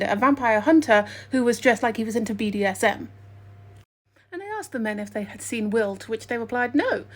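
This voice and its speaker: Wry, high-voiced woman storyteller. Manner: wry, playful, deadpan asides. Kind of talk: comic storytelling narration.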